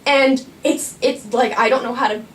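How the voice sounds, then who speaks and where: A woman's voice: a little high, steady tone, normal speed. A young woman telling a nervous, rambling, self-mocking story live on stage. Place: small performing arts studio. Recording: stage voice from a distance with faint room noise.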